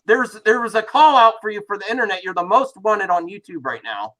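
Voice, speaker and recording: Casual host, male, bright lively high voice, giggly and teasing. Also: fairly quick. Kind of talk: casual chat.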